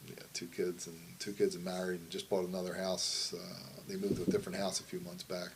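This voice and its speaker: A middle-aged man recounting old stories in a loose, rambling interview. His voice sits fairly low, and he swears freely, keeps checking in with "you know what I mean", and lets sentences trail off. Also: monotone, a little fast, a little hiss or hum, poor audio. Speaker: wrestling promoter. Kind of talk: casual storytelling interview.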